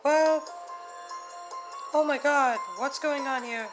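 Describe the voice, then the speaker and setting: A woman with a high voice hosts a casual reaction video. She talks at an unhurried pace and keeps bursting into excitable, gasping exclamations, with faint music playing behind her. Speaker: reaction channel host.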